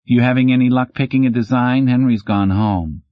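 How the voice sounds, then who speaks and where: A man voicing a bored, flat-toned doorkeeper in a storybook reading. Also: medium pitch, normal speed, dry recording, highs cut off, voice pushed up, lightly acted.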